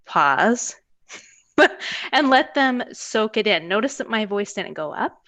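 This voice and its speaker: A woman's voice: medium pitch, lively intonation, a little slow, pushed and bright, no room sound. A woman in her thirties, a tutoring business owner, talking candidly in an interview, laughing often and acting out quoted examples. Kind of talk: casual interview conversation.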